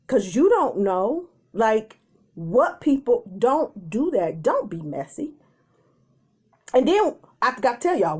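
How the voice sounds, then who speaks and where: Animated woman telling a story time. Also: a little high, husky. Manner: animated storytelling, acts out quotes in changing voices. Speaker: mukbang vlogger.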